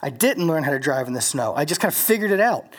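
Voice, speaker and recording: A man's voice: fairly high pitch, sing-song, fast talker, breathy edge. A young man from Louisiana leading a college group, telling stories in a casual, rambling sermon full of filler words and restarts. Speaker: college ministry leader. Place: in front of a live group.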